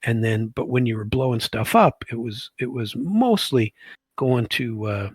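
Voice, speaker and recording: A man's voice: medium pitch, unhurried, husky, dry recording. An older army veteran spins long, rambling stories in a casual way. He chuckles often and fills gaps with "uh." His voice sits in the middle range, and the recording is dry and close. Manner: rambling, chuckling, many fillers. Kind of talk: casual storytelling.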